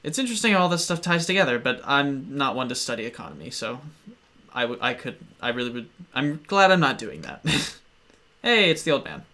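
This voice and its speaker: A man playing and streaming a game, easygoing and joking as he talks through each move. His voice has a bright, forward edge at a middle pitch. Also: big pitch swings, fairly quick. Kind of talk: casual gaming chat.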